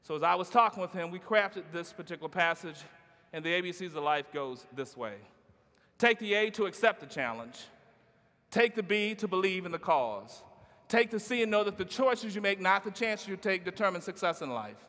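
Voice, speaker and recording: A man's voice: high-pitched, lively intonation, moderate pace, pushed and bright. A middle-aged man giving a motivational keynote speech with a rhythmic, playful delivery, heard in a large conference hall. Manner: rhythmic, call-and-response style delivery with playful asides. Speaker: keynote speaker. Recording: long hall reverb.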